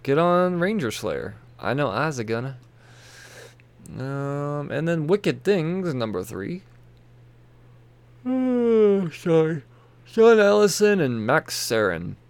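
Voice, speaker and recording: A man's voice: on the high side, very animated, takes it slowly, clean tone, no echo. A tired man hosting his comic book podcast, rambling and swearing casually as he reads through new releases. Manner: rambling, profane, self-interrupting. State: tired, yawning. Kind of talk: casual solo podcast chat. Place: home room with toy shelves behind.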